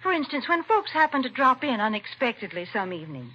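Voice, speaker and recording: A woman's voice: fairly high pitch, very animated, quick pace, bright, forceful tone, breathy edge. A woman co-hosting a 1940s radio show and reading the sponsor's message in a sweet, practical way. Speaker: co-host and ad reader. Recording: dull lo-fi 1940s radio recording.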